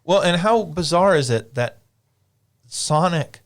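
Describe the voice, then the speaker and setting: A man co-hosting a gaming podcast in casual chat, animated and rambling with many fillers. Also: fairly high pitch, slow pace. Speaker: podcast co-host.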